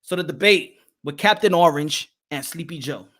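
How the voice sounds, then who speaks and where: A man's voice: a little high, normal speed, bright, forceful tone. A man hosting a casual livestream podcast, talking animatedly, repeating phrases and calling out to his chat. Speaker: podcast host.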